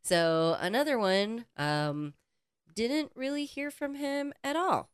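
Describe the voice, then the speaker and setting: A woman co-hosting a podcast, telling a story in casual, animated chat and swearing freely. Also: on the high side, takes it slowly, clear, resonant tone, no echo, studio quality. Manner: animated, profane, acts out quoted people. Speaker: podcast co-host.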